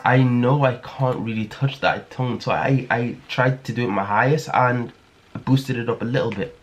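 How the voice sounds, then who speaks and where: A man's voice: mid-range voice, fairly even intonation, moderate pace. A man hosting a casual music production tutorial, talking in a hesitant way with many fillers and restarts. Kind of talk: casual screen-recorded tutorial.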